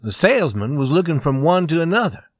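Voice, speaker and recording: A man reading a western story aloud in a measured, expressive narration. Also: fairly high pitch, no echo, studio quality.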